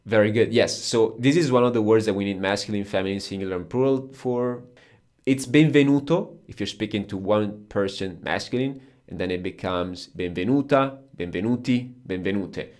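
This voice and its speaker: A man's voice: lowish voice, moderate pace, a little mellow. Patient Italian-born man teaching. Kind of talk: casual podcast lesson.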